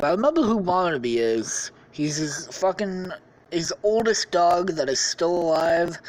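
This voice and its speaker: Brief: profane podcast host woman, low-ish voice, very lively, drawn-out pace. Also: a little hiss or hum. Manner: profane, rambling, lots of swearing. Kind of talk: casual rambling storytelling.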